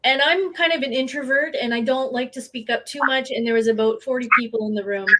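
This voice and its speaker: A woman's voice: high-pitched, quick pace, fairly bright tone. A woman who films for a paranormal team, telling a story as a guest on a show, hesitant, with many fillers and laughs. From Canada. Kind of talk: casual storytelling.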